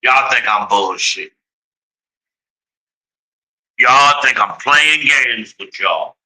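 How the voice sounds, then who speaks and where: A man's voice: mid-range voice, animated, slow, long pauses, sharp tone, rough recording. A man venting to his viewers in a heated story, exasperated and swearing freely, with sudden mocking outbursts.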